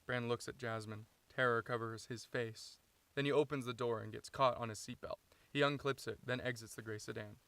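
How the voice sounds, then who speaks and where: A man reading his own screenplay aloud, steady and matter-of-fact, inside a parked car. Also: medium pitch, moderate pace, creaky, dry recording. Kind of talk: script read-through narration.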